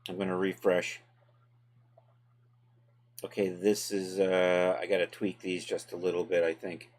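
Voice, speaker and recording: A man with a fairly low voice, walking viewers through a software task during a live stream. He chats easily with his audience and narrates each click as he goes, loose and unscripted. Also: measured pace. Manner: relaxed, chatty, talks to chat while working. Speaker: livestream host and 3D software tutor. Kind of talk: casual live tutorial, thinking aloud.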